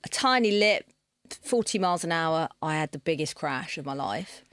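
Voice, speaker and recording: A woman, a podcast guest telling stories in animated fashion, acting out quotes and swearing freely. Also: low-pitched, normal speed, dry recording, clean studio sound. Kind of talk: casual storytelling chat.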